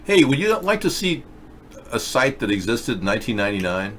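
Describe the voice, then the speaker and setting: A man's voice: mid-range voice, big pitch swings, fairly quick, a bit bright, a little hiss or hum. A man hosting a casual video chat show, rambling through stories and reading viewer comments aloud. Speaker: show host.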